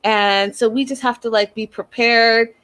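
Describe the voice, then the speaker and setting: Brief: a woman doing a breezy woman explaining herself, slightly higher. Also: fairly even intonation, unhurried, a bit bright.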